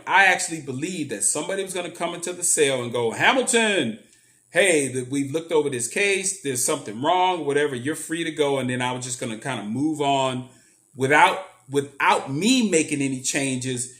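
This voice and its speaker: A man's voice: on the high side, expressive, moderate pace, a bit bright. Earnest man telling his story. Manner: earnest, emphatic storytelling with repetitions. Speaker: motivational speaker. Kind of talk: personal story monologue.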